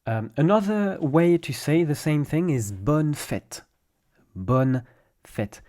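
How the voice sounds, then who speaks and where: A man's voice: a little high, a little slow. French-accented man teaching pronunciation. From France. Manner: relaxed, patient explaining with small fillers. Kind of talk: explaining pronunciation to camera.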